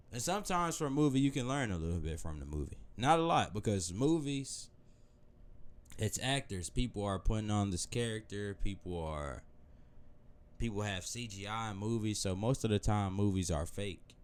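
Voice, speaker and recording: A man's voice: low-pitched, darkish tone. A young man talking casually and at length in a meandering, conversational monologue. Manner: meandering, loose and conversational, with many restarts. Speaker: vlogger.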